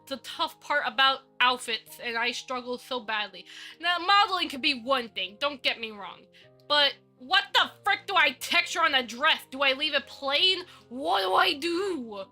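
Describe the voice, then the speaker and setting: A woman's voice: high-pitched, bright, forceful tone. A woman live-streaming, rambling playfully and talking to herself while she works on a 3D model. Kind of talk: casual live-stream chat.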